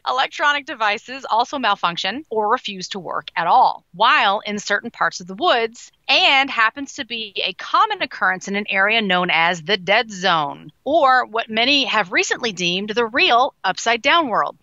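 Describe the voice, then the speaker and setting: A woman's voice: a little high, expressive, normal speed, few pauses, pushed and bright, dry recording. A woman co-hosting a casual podcast, reading from her prepared notes, laughing often and swearing freely. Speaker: podcast co-host presenting researched story. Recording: dull lo-fi dry sound.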